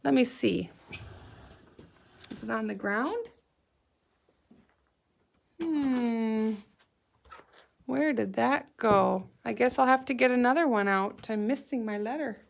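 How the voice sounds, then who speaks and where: A woman's voice: fairly high pitch, slow, creaky, long pauses, a little hiss or hum. A woman teacher giving a patient, encouraging reading lesson to young children.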